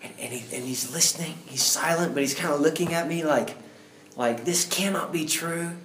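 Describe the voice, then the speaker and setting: A man's voice: a little high, a little fast, fairly bright tone, a little hiss or hum. Guy telling his faith story, earnest, gets fired up and preachy, echoey room. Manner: earnest, builds to fervent preacher-like outbursts. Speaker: guest sharing a faith testimony. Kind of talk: personal testimony storytelling. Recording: roomy echo.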